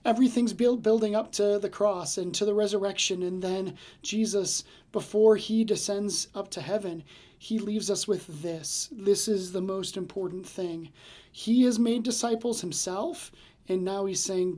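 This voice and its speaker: A man's voice: high voice, moderate pace, dark tone. A man hosting a casual devotional podcast, telling stories in a chatty way with many fillers and restarts. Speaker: podcast host and ministry leader.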